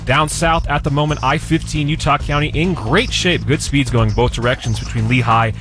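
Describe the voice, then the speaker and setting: A man giving a live radio traffic report with a sponsor read, in a steady, practiced delivery. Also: mid-range voice, normal speed, faint music behind.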